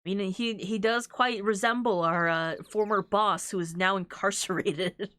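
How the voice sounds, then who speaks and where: A woman's voice: mid-range voice, unhurried, a bit bright, dry recording. A woman streaming a visual novel, chatting casually and reading its lines aloud, laughing often between remarks.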